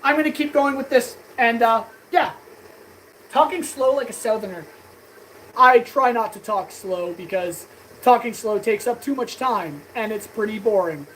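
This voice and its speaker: A woman blacksmith chatting fast and eagerly with her live-stream audience while she works in her workshop. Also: fairly high pitch, slight background noise, low-quality recording. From Canada. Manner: chatty, talks fast, answers chat eagerly. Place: workshop with power tools.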